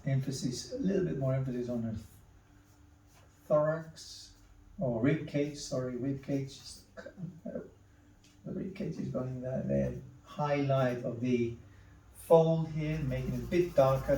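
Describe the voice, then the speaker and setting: Slow, mellow-voiced man narrating a drawing. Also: medium pitch, steady tone, vocal fry, slight background noise. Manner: terse murmured step-by-step remarks while working. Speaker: artist. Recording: echoey room, distant mic.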